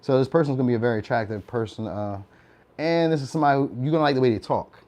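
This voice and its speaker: A man's voice: medium pitch, rapid-fire, darkish tone. Young male tarot reader with a mid-range voice. Loose, chatty delivery with frequent laughs. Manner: chatty, laughs often, tags lines with "all right?". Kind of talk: casual tarot reading.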